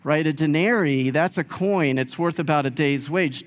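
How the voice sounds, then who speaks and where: Male pastor, sermon, conversational, animated, slightly higher voice. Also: normal speed, few pauses. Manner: conversational, animated storytelling with acted-out sarcasm.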